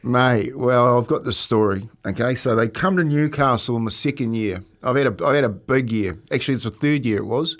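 A man's voice: medium pitch, brisk, hardly any pauses. An Australian man, a former footballer, telling a story on a casual chat show and laughing as he goes. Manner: laughs through his stories, animated. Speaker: podcast co-host, former footballer.

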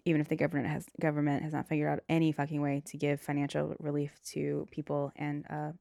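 A young woman hosting a casual solo podcast, blunt and profane, now and then flaring into shouty rants. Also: low-pitched, completely flat delivery, fast talker, creaky, dry recording, clean studio sound. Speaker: podcast host. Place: bedroom.

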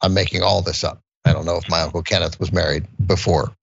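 A man's voice: sits low, flat delivery, fast, gravelly, slightly rough. A middle-aged man co-hosting a podcast, telling a story in rambling, self-interrupting chat. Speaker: podcast co-host. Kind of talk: casual chat, comic storytelling. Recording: dull, lo-fi, dry sound.

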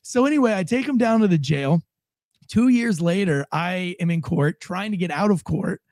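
A man, a former police officer, telling a profane story in a casual, animated way and acting out the quotes. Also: high voice, moderate pace, no echo.

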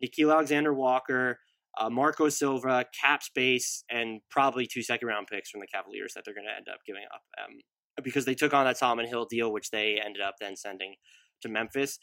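Brief: male podcast co-host, bright forward tone, dry close sound, runs through lists quickly with asides. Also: mid-range voice, steady tone, no room sound. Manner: rapid-fire roster lists, offhand asides. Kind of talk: casual sports podcast analysis.

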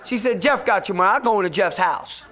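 A man giving personal testimony at a recovery meeting. He tells his story with lively acted-out dialogue and drops to a hush at times. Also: high voice, fairly quick, crowd noise, background noise. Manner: storytelling, acts out quoted voices, swings between loud and hushed.

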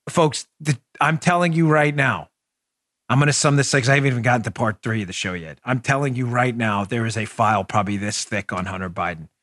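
A man's voice: mid-range voice, a bit bright, no room sound, studio quality. A middle-aged man hosting a political podcast, talking emphatically and jokingly through commentary and sponsor reads. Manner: emphatic, jokey, riffs and does mock voices. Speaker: podcast host.

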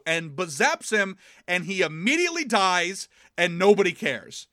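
A man on a podcast, casually and profanely recapping a TV episode with sarcastic jokes and quick quoted lines. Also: high voice, animated, bright, forceful tone, dry recording, clean studio sound. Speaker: podcast co-host.

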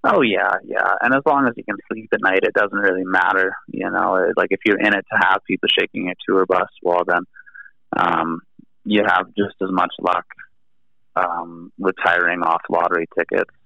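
A man's voice: sits low, steady tone, moderate pace, gravelly, sharp tone, dry recording, highs cut off. A Canadian man, a band's singer and guitarist, talking in a laid-back, rambling way as an interview guest. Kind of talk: casual interview chat.

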